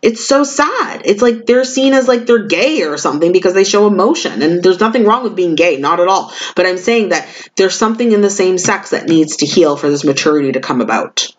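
A woman giving a spiritual card reading in a vlog, talking loudly and passionately with big swoops in pitch. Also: fairly quick, few pauses. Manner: loud, passionate, swooping and animated. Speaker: spiritual reader and shaman. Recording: muffled lo-fi audio.

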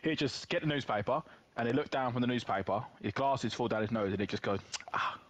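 A man's voice: mid-range voice, quick pace, slight background noise. A young man, chatting with friends during an online game and telling a rambling, sweary story full of restarts.

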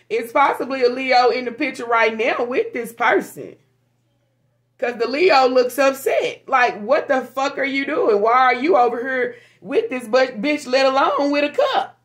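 A woman reads tarot for her viewers in a loose, chatty way. She talks frankly and curses freely, animated and quick to laugh, in a slightly high voice. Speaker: tarot reader. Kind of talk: casual tarot reading to viewers.

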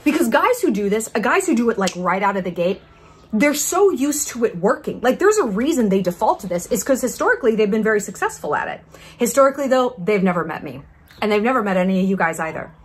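A woman in her thirties talks straight to camera, brash and sarcastic, and swears freely. Her voice has a husky, slightly breathy edge at a middle pitch. She slides into sugary, condescending asides to mock whoever she is talking about. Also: big pitch swings, fast. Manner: brash, profane and sarcastic, slipping into mock-sweet patronizing asides. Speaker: YouTube commentary host. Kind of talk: casual monologue to camera.

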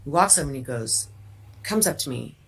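A woman telling an animated personal anecdote as a guest, acting out the moments as she goes. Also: a bass voice, brisk, gravelly, breathy edge. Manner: vivid anecdote telling with acted-out quotes. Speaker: actress guest. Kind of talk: animated storytelling.

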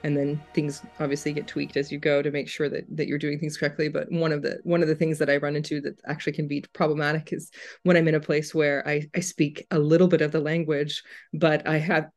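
A woman's voice: deep voice, level tone, fast. A woman opera singer talking as a podcast guest, rambling and effusive, with many "you know"s and easy laughs. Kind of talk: casual podcast conversation.

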